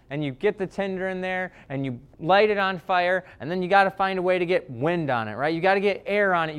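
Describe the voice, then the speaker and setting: A middle-aged male pastor preaching with a fairly high, smooth and resonant voice. He presses his points through repeated phrases, building intensity as he goes. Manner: preaching with rising intensity and emphatic repetition. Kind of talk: sermon.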